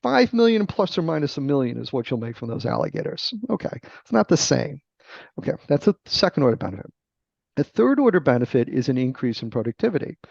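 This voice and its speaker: A middle-aged man with a gravelly voice, a guest author explaining sales ideas in a teacherly, emphatic interview manner. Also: medium pitch, big pitch swings, fast, darkish tone, no room sound. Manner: emphatic, teacherly, checks in with "right?". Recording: dull lo-fi dry remote audio.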